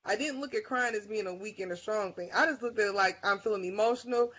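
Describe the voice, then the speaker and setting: A woman's voice: mid-range voice, fast talker, bright, forceful tone, highs cut off. A woman speaking in an emotional, self-deprecating way as a co-author in a live stream chat. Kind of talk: casual conversational chat.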